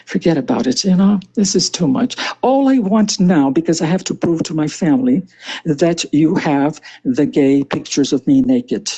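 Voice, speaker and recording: Older man, sixties, husky mellow voice, heated live-stream rant, keeps repeating himself. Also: fairly high pitch, lively intonation, normal speed. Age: 60s. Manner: insistent, repetitive.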